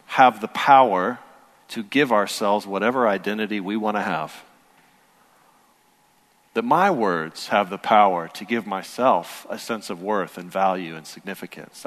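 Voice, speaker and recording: Storytelling pastor in a reverberant hall. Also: male voice, on the low side, fairly bright tone. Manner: conversational storytelling, building to earnest emphasis. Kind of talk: sermon.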